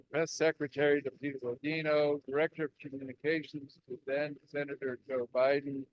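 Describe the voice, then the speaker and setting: An older man giving a formal introduction to a talk, halting and reading from notes. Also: mid-range voice, dry recording, highs cut off. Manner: hesitant, reads from notes. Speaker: event introducer.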